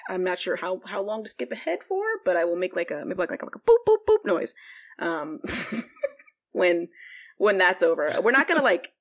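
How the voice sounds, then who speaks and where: A woman's voice: on the low side, animated, moderate pace, a bit bright. A young woman co-hosting a podcast, recapping a book in a rambling casual chat full of fillers. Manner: rambling, heavy use of "like", frequent fillers. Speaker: podcast co-host.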